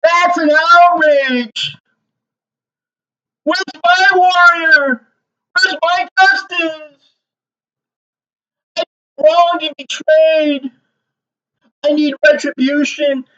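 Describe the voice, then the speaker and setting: Angry bigoted male supporter, high strained voice, drawn-out complaints, dull lo-fi sound. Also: steady tone, sharp tone, heavily acted. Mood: outraged.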